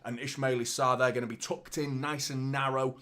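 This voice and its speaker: A man's voice: mid-range voice, little pitch movement, fairly quick, fairly bright tone. A man hosting a live football watchalong stream, chatting casually and swearing, talking straight to his viewers and reading out their messages.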